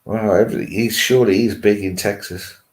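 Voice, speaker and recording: A man's voice: on the low side, fairly even intonation, brisk, darkish tone. A middle-aged man with an English Midlands accent, hosting a live stream and chatting loosely with viewers' comments, rambling as he thinks aloud.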